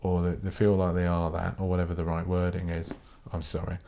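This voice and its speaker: Sweary British man ranting, lowish voice. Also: monotone, a little fast, gravelly, dark tone, slight background noise. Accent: British English. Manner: blunt, sweary, rambling, with many restarts. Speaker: podcast host. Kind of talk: casual solo podcast rant.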